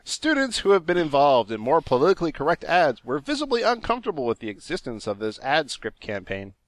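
A man hosting a comedy podcast, reading a long text aloud, correcting himself and pausing for asides. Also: a little high, wildly swooping pitch, no room sound. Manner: reads steadily, breaks off to laugh and correct himself.

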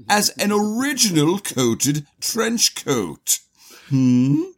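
A man's voice: mid-range voice, fairly bright tone. A man reading forum posts aloud for comic effect, in a theatrical, mock-indignant manner.

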